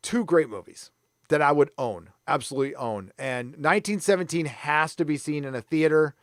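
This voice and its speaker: A man's voice: a little high, normal speed, no room sound, clean studio sound. A man from San Diego hosting a live stream, chatting casually in a rambling, self-deprecating way. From San Diego, California. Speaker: livestream host.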